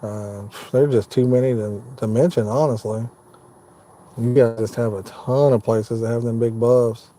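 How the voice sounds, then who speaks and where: A man hosts a live fishing stream from the cab of his truck at night. His voice is very dark and mellow, sitting at an ordinary pitch. He talks in an easygoing, folksy way, reading out viewers' comments and answering them like friends. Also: steady tone, normal speed. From Indiana, United States. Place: inside a parked truck at night.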